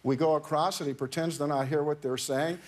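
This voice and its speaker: A man's voice: fairly high pitch, fairly even intonation, darkish tone. A man telling a long anecdote as a talk show guest, restarting his sentences and laughing as he goes. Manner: halting storyteller, many restarts, laughs mid-story. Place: television studio.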